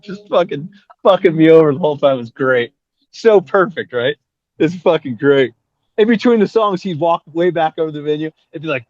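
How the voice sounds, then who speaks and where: Animated storytelling man, fairly high voice. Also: moderate pace, no echo. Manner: animated, swears freely, acts out others' voices. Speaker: musician guest. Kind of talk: casual storytelling in an interview. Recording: slightly dull, dry sound.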